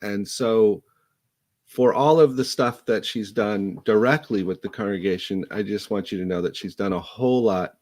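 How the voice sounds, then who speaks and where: A man, the incoming minister, paying an earnest, slightly halting tribute in a church service. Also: low-pitched, a little mellow, no echo.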